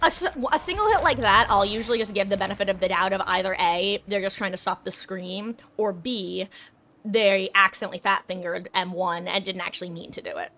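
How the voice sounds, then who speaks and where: A woman streaming live, talking loosely and candidly about her game between moments of play. Her voice is bright and forward, set at a middling pitch. She wanders from thought to thought and drops casual swears along the way. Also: a little fast. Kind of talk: casual chat while gaming.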